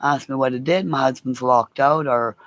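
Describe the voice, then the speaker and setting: A woman's voice: rumbling low, normal speed. A middle-aged woman telling rambling personal stories in a casual, profane way, laughing as she goes. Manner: animated, swears a lot, laughs mid-story. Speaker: storyteller.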